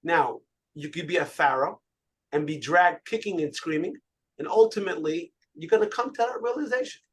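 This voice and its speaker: Male rabbi, slightly high voice, lively spoken sermon, repeats words as he thinks. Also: moderate pace, breathy edge. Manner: animated storytelling with frequent repeated words.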